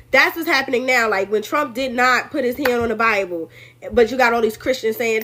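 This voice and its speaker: High, animated woman talking politics. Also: fast. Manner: animated, acts out quotes in put-on voices, laughs often. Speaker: political commentary host. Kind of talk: casual opinion monologue.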